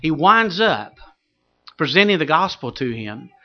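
A pastor preaching a sermon, telling a story with dramatic swings from loud to hushed. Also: male voice, a little high, very animated, unhurried, lo-fi sound.

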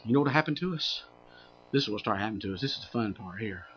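A man's voice: lowish voice, lively intonation, fast, lo-fi sound, slight background noise. A male pastor preaching a sermon, impassioned and exhorting, repeating phrases for emphasis.

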